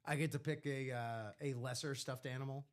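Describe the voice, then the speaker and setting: A man hosting a live sports memorabilia break stream, chatting casually with slangy, animated asides. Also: mid-range voice, fairly quick, a little hiss or hum.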